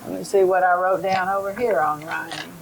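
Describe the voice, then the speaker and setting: A middle-aged woman giving a teacher training lesson, explaining in a slow, careful way and modelling rhyming drills for children. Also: fairly low pitch, fairly even intonation, gravelly, slight background noise, rough recording.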